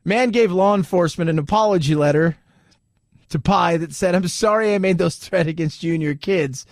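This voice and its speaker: A man's voice: high-pitched, moderate pace, no echo, clean studio sound. A man hosting a talk radio show, commenting animatedly and mockingly on the news. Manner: animated, mocking, jumps into exaggerated quoted voices.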